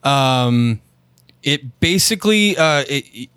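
A man co-hosting a comedy podcast, pitching a fake sponsor with many hesitations and fillers. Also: lively intonation, takes it slowly, a bit bright, clear, resonant tone, dry recording. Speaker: podcast co-host. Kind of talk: casual comedic chat.

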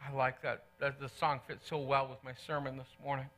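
A man's voice: medium pitch, level tone, brisk, a bit bright. A middle-aged male pastor preaching a sermon in church, earnest and conversational, repeating key phrases for emphasis.

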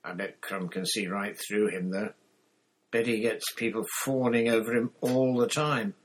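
A man voicing an excitable teenage boy who is eager and quick to exclaim in a storybook reading. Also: fairly low pitch, slightly rough. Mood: scornful.

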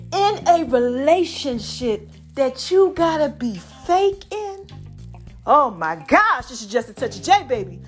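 A woman hosts a casual podcast in a slightly high, hoarse voice. She talks in an animated, drawn-out way and keeps calling her listeners baby and y'all. Faint music plays behind her. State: hoarse from allergies. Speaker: podcast host.

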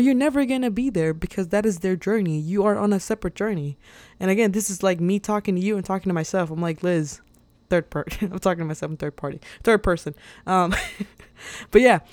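A woman's voice: medium pitch, darkish tone, dry recording. A young woman hosting a podcast, talking casually and motivationally with lots of fillers and frequent laughs. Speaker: podcast host.

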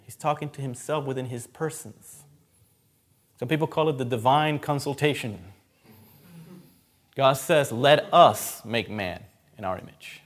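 A man preaching a sermon, emphatic, often repeating key phrases and swinging between loud and quiet. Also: fairly high pitch.

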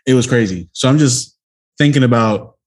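A young man co-hosting a podcast, talking in a relaxed, blunt, rambling way in casual chat. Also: medium pitch, normal speed. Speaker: podcast co-host.

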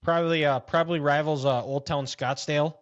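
A man's voice: on the high side, steady tone, fairly quick, dry recording. A man hosting a casual podcast, laid-back and teasing with dry quips, also reading the show's wrap-up. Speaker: podcast host. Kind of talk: casual chat. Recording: dull, dry, lo-fi podcast audio.

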